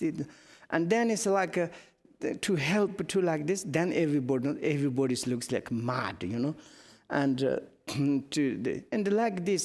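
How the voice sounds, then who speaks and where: Middle-aged Tibetan-accented man, Buddhist teacher, anecdotal and halting, slightly raised voice, long hall reverb. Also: on the high side, a little mellow. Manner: halting non-native English, anecdotal, chuckling. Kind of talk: dharma teaching to students.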